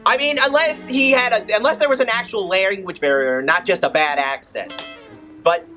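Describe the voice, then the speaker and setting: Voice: medium pitch, moderate pace, sharp tone, faint music behind. A video host commentating casually on a film, chatty and rambling, with many restarts and asides.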